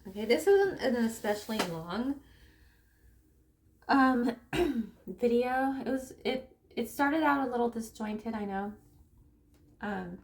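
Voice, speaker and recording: Woman from Northern California, a tarot reader rambling off the cuff in a slightly higher voice, with faint background hiss. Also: expressive. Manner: rambling, with restarts and acted-out quotes; slows down to stress key points. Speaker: spiritual coach and tarot reader. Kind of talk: casual monologue to camera.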